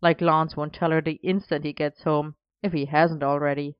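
A woman's voice: sits low, little pitch movement, moderate pace, clear, resonant tone, no echo, dull audio, lightly acted. A woman reading a dry, practical young man.

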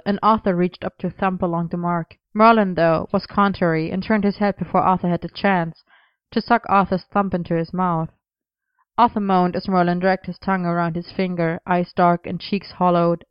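A woman narrating a story in a steady, even way. Her voice is smooth and a little low. The recording is close and dry, with a slightly dull tone. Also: no room sound. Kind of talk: reading a story aloud.

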